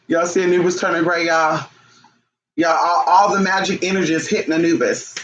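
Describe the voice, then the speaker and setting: A man's voice: fairly high pitch, fairly even intonation, normal speed, fairly bright tone, poor audio. A man chatting casually to camera in a sassy, chatty way, calling his viewers honey and girl, and breaking off now and then to scold his pets. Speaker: vlogger. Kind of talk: casual talking-to-camera chat.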